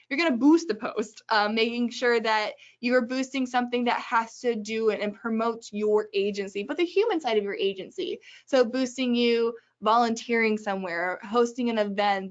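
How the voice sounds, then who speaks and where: Brief: woman webinar host, slightly high voice, chatty and joking, dull lo-fi stream sound. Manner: chatty, joking, brisk advice. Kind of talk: casual webinar talk.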